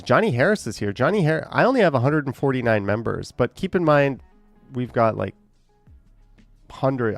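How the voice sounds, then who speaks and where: Gravelly-voiced man rambling on a stream. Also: medium pitch, dry recording. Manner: rambling and hesitant, trails off with fillers. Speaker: live streamer reading viewer chat. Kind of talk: casual live-stream chat.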